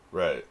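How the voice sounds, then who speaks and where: A man hosting an anime reaction channel, thinking out loud in casual commentary, swearing freely and chuckling often.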